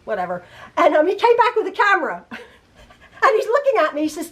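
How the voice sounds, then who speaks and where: Middle-aged woman, high voice, home quilting teacher who rambles, stammers and repeats herself. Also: huge pitch swings, fast. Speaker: quilting teacher and channel host. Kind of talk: rambling casual chat and sewing tutorial. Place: home sewing room.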